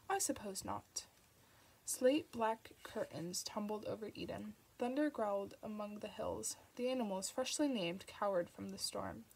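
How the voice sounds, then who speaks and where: A woman narrating an audiobook in a soft, unhurried reading manner, sometimes tripping over names. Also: mid-range voice, husky, poor audio. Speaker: audiobook reader.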